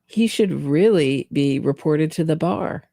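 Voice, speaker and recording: Sarcastic true crime host with a creaky voice. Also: female voice, low-pitched, expressive, a little slow, mellow, no room sound, studio quality. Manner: sarcastic, incredulous, asks pointed questions.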